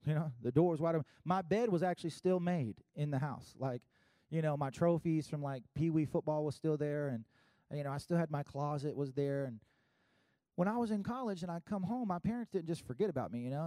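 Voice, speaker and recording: A man from South Carolina preaching in an easygoing, conversational way, tossing in fillers and little laughs as he talks. His voice sits a bit high for a man yet sounds mellow and dark in tone. The sound is dry and close, with no room echo. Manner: conversational and animated, many fillers and quick laughs. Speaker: pastor. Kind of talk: sermon.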